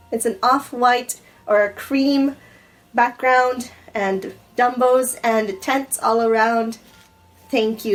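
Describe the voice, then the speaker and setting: A woman unboxing gifts in a casual vlog, gushing and excitable, often breathless with delight. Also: a little high, rough recording. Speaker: YouTuber unboxing a gift box. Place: home in Japan.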